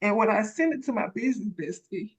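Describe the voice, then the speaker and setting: A woman telling an emotional personal story about starting her business, animated and close to tears. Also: mid-range voice, quick pace, slightly rough, lo-fi sound. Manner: animated storytelling, acts out others' voices. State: tearful. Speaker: credit repair consultant sharing her story.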